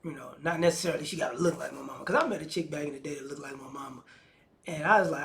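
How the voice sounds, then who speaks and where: A man speaking gives a loose, slangy opinion monologue in a notably high voice. He talks in a lively, animated way and slips into acted-out voices of the people he describes. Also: racing, vocal fry, a little hiss or hum. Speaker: commentator.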